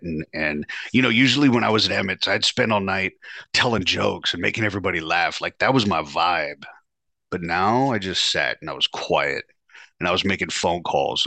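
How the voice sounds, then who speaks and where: Deep-voiced, profane man telling his story. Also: dry recording. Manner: profane, animated, acts out his own past lines. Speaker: podcast host telling his life story. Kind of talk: candid storytelling monologue.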